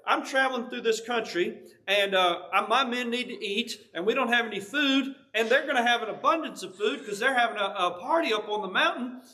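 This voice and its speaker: A hot-tempered young warrior leader barks orders in a high, tense, bright voice, as a male preacher acts him out in a sermon. He sounds indignant and commanding. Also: fairly quick. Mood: eager.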